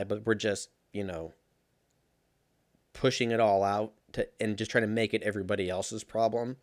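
A young man telling a casual story in a sarcastic, profane, animated way. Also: on the low side, no echo, studio quality.

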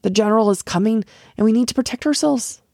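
A woman's voice: a little high, fast talker, mellow, no room sound, studio quality, pitched above the performer's own voice, lightly acted. Woman voicing an urgent pleading village man. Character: anxious insistent village man.

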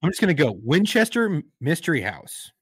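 A man's voice: on the high side, very animated, a bit bright, husky, no echo, studio quality. Hesitant man reading off a list. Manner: hesitant, halting, with many fillers. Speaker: podcast co-host. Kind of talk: casual chat.

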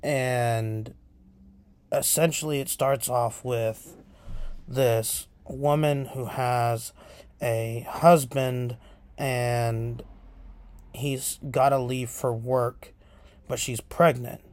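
Slow, dry-sounding man retelling films. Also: mid-range voice, no room sound. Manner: profane, animated storytelling. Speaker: podcast host. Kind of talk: casual movie retelling.

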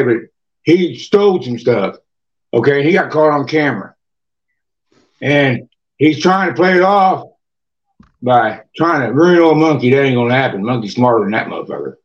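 A man's voice: mid-range voice, moderate pace. A man telling rowdy stories on a podcast, rambling, profane and repeating himself. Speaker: podcast guest. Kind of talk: rowdy casual storytelling. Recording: distant, dull lo-fi mic.

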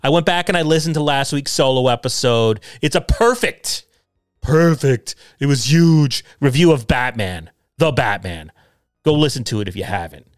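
A man's voice: medium pitch, dry recording, clean studio sound. A middle-aged man hosting a solo podcast from his basement, talking in a sarcastic, combative and self-deprecating way. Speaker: podcast host. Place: home basement.

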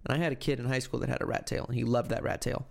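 A man's voice: mid-range voice, flat delivery, racing, vocal fry. Man with a cold reading news. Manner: reads articles aloud with asides. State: has a cold. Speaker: podcast co-host reading news. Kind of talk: casual news chat.

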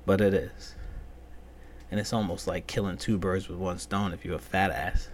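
A man's voice: deep voice, steady tone, normal speed, a little hiss or hum. A man hosting a casual solo podcast rant, loose, profane and rambling. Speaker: podcast host.

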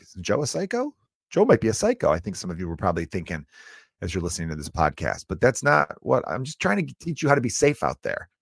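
A man hosting a podcast in a solo comedic rant, rambling and profane, swinging between loud bursts and low mutters. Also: vocal fry, no room sound, clean studio sound.

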